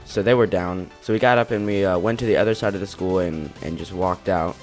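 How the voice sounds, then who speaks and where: A man's voice: low-pitched, steady tone, brisk, a little mellow, soft background music. A teenage boy vlogger, just woken up, telling a rambling story in casual speech full of restarts and quoted dialogue. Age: teens. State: just woke up.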